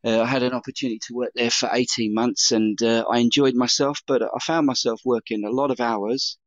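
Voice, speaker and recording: A man's voice: medium pitch, fairly even intonation, brisk, dry recording, dull audio. Man telling rambling stories. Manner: rambling anecdotes with fillers and restarts. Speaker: chef guest. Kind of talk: casual interview storytelling.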